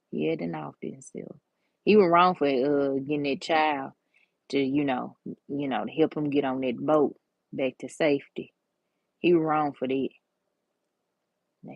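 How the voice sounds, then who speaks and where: A woman's voice: low voice, creaky, no echo, lo-fi sound. A woman, chatting and storytelling with slang while doing nail art. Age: 30s. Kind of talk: casual chat while doing nails.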